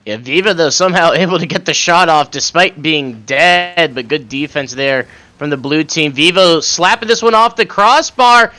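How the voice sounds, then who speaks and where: A man's voice: on the high side, moderate pace, hardly any pauses, bright, forceful tone. A man doing color commentary on an esports match, cracking puns and laughing often.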